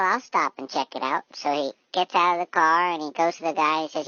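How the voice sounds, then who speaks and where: A woman telling a long joke as a guest comedian, acting out each character in a higher voice. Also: steady tone, fairly quick, sharp tone, no echo. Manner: does voices for each character, rising high for the punchlines. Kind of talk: joke storytelling. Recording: dry, dull lo-fi sound.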